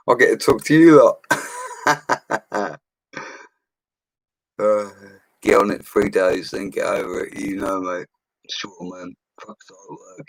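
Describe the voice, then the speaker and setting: A drunk man, a bricklayer rambling loudly to viewers on a live stream from a small room at home. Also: fairly low pitch, dry recording. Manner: rambling, loud and laddish, laughing often. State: drunk, slurring. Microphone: laptop microphone.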